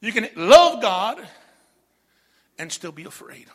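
Middle-aged male pastor with a high voice, animated call-and-response preaching in a reverberant hall. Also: slow, long pauses, breathy edge. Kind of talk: sermon.

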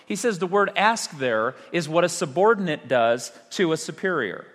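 Male pastor, animated sermon delivery with dramatic pauses; long hall reverb. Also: a little high. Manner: animated preaching with rhetorical questions and dramatic pauses.

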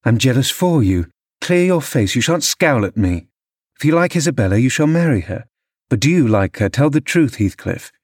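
A man reading an audiobook, voicing a proud, passionate young lady of the manor who speaks in an imperious, sharp way. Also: mid-range voice, very animated, normal speed, no room sound, clean studio sound, pitched above the performer's own voice.

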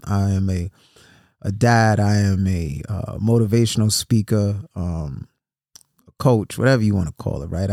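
His voice is low and darkish, recorded cleanly in a studio with no echo. He's a motivational speaker from New York City hosting his own podcast, talking in a relaxed, conversational way, repeating words and frequently tossing in "right?"

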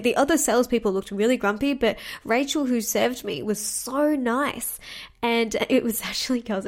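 Young female podcast host, slightly high voice, bubbly and chatty, laughs easily. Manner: bubbly and chatty, laughs often, addresses listeners as girls. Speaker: podcast host and manifestation coach. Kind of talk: solo podcast storytelling.

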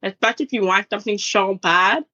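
A woman's voice: mid-range voice, fast talker. A woman being interviewed as a guest author, earnestly giving advice in a conversational way. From Jamaican Caribbean family background. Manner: earnest, advising, animated retelling with laughs. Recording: dull lo-fi audio.

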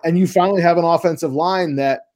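A man's voice: a little high, fast, darkish tone, no room sound, clean studio sound. A man co-hosting a sports podcast, giving his views in casual chat and often repeating words while he thinks. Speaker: podcast co-host.

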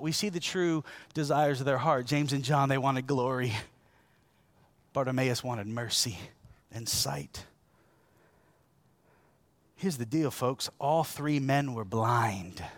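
A man preaching a sermon in a lively, conversational way, asking his congregation questions and swinging between loud, emphatic peaks and quiet, low lines. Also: no room sound. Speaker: pastor.

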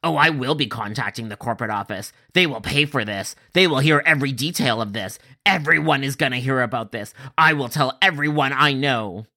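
A man's voice: medium pitch, brisk, few pauses, bright, forceful tone. A man voicing a furious woman caller who got sick, crude and accusing, dragging out her words. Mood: indignant.

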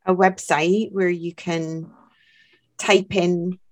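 A woman's voice: lowish voice, little pitch movement, slow. A woman co-hosting a folklore podcast in casual chat, asking questions and teasing her partner. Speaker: podcast co-host.

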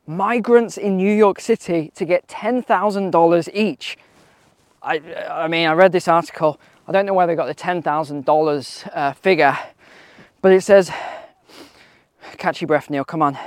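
Male vlogger, somewhat high pitch, relaxed talk on a hike, filler-heavy and questioning. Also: no room sound. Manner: conversational, rhetorical questions, frequent fillers. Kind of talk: casual commentary while walking outdoors. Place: outdoors on a mountain trail.

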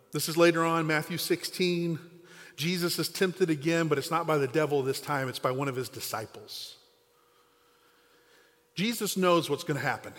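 A man's voice: mid-range voice, a bit bright. Man preaching in an echoing hall. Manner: conversational storytelling, acts out quoted lines. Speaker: pastor. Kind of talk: sermon. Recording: long hall reverb.

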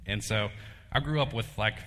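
A man's voice: fairly low pitch, moderate pace, a bit bright. A man, preaching a casual sermon and telling a personal story in a folksy way, laughing often. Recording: long hall reverb.

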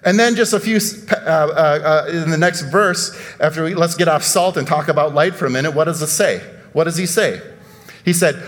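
A man with a high-pitched voice preaches to his congregation. He talks animatedly, with emphatic outbursts and rhetorical questions. His voice rings out with a long reverb, as in a large hall. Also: animated, a little slow, fairly bright tone. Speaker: pastor. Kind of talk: sermon.

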